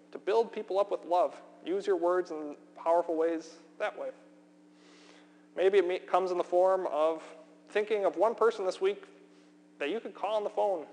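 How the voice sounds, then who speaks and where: A man preaching a sermon as pastor, earnest and emphatic, slowing down with deliberate pauses for weight. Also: high voice, a little mellow. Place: church sanctuary. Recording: long hall reverb, faint hum.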